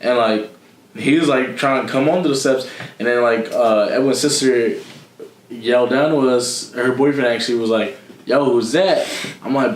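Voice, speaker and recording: A man's voice: medium pitch, moderate pace, slight background noise. A young man telling a story in casual chat, slangy and laughing often, acting out what others said. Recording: echoey room.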